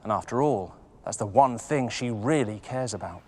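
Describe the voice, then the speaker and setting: A man presenting a history documentary, telling the story in an engaged, expressive way. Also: lowish voice, normal speed, noisy background. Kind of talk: presenting on location. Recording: music bed behind.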